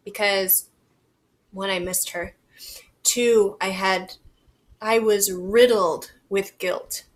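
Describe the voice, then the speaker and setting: Slow, halting young woman confiding. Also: medium pitch, steady tone. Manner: halting, reflective, candid, swears casually. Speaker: vlogger. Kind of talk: personal confessional vlog.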